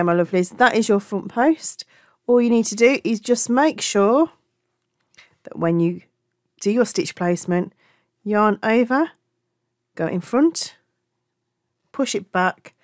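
A woman's voice: fairly low pitch, no room sound, studio quality. A woman with a Black Country accent from England, teaching crochet in a chatty, affectionate way and often correcting herself. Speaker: crochet tutor. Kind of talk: crochet tutorial.

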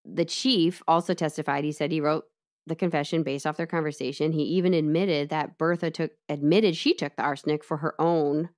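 A woman casually retelling a true-crime case to her co-host, chatty and lively, with asides. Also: deep voice, brisk. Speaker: podcast co-host telling the case.

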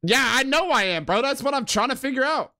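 Animated, slangy male game streamer. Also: very high voice, a little fast. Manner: slangy, profane, laughs often. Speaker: live streamer. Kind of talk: casual gaming commentary.

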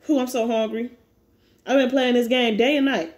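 A worn-out young gamer girl mutters and sighs at herself, read by a woman acting out a webcomic. The voice sits high and stays weary throughout. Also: steady tone, moderate pace, darkish tone, close to an everyday voice. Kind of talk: reading a webcomic aloud with voices.

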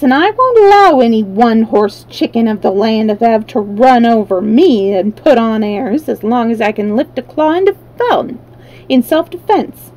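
A woman voicing a proud, scrappy yellow hen who talks back in brash slang. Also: a little high, rough recording. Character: feisty, defiant yellow hen.

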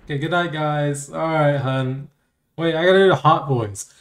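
A man's voice: a little high, steady tone, moderate pace, slight background noise. A man streaming a video game, joking crudely and talking to the game and his chat in casual commentary.

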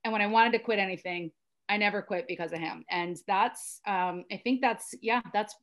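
Middle-aged woman, American, podcast guest, earnest, intense storytelling, medium pitch. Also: normal speed, fairly bright tone. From United States. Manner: earnest and intense, with frequent restarts. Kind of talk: personal storytelling.

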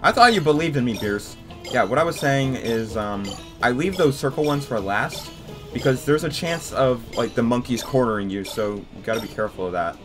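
A young man narrating a horror game run for his channel, lively and easily startled, his pitch leaping up and down as he reacts. Faint game music plays under his voice. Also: moderate pace. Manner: jumpy, excitable, talks to viewers. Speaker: gaming YouTuber. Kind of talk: casual let's-play commentary.

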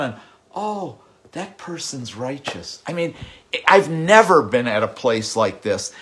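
A man's voice: mid-range voice, sing-song, takes it slowly. Impassioned man preaching a sermon. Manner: impassioned, with repeated words and sudden drops to a hush. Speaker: pastor.

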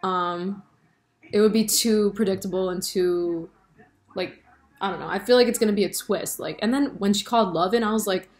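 A woman in her twenties chatting casually on her vlog, animated and full of fillers. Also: medium pitch, moderate pace. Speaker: vlogger. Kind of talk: casual chat about a TV show.

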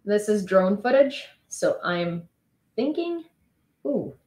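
A woman's voice: medium pitch, very animated, slow, a little mellow. A woman from Ukraine streaming war news and chatting casually with her viewers. She giggles a lot and fills her talk with "like" and "um". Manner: chatty and giggly, heavy use of "like" and "um". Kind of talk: casual live chat with viewers.

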